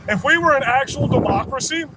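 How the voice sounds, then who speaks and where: This is a casual livestream rant from a man at a rally counter-protest, crude, combative and rambling. He speaks a little fast in a very high-pitched voice, with outdoor traffic and street noise behind him.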